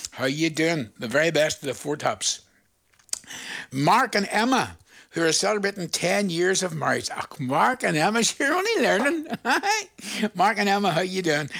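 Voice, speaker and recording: A man's voice: fairly high pitch, vocal fry, fairly bright tone. An older man presenting a radio request show, chatty and playful, laughing at his own jokes.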